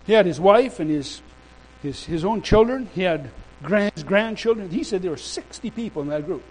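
A male preacher delivering a sermon and telling a story in an animated, emphatic way. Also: high voice, normal speed, husky, rough recording.

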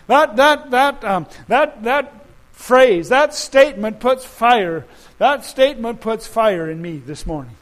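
A man preaching a sermon to a congregation, telling stories dramatically, with loud shouted peaks and quiet asides. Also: animated, measured pace, low-quality recording. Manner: dramatic storytelling, shouting and dropping to low asides.

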